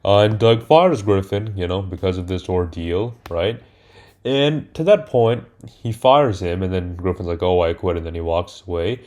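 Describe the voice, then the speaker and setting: Speaking at a moderate pace in a low, slightly mellow voice, this man gives an animated, casual film recap as a reviewer. He wanders through the plot, hesitating often and correcting himself amid plenty of fillers and restarts.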